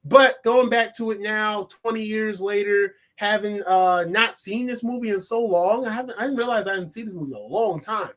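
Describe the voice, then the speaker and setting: A man reviewing a movie in a casual, excitable vlog, swearing and laughing often. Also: sits high, normal speed, hardly any pauses.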